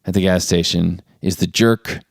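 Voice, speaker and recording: A man's voice: low-pitched, steady tone, moderate pace, vocal fry, no room sound, studio quality. A man casually recapping a movie plot, acting out characters' lines in raised voices. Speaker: podcast co-host.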